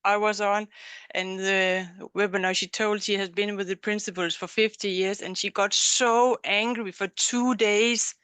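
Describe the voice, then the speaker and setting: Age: adult. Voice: bright, smooth, slow, dry. Role: woman host. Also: medium pitch, fairly even intonation, no room sound. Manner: slow, hesitant, apologetic restarts. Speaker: webinar host. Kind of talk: conversational interview. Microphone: video call.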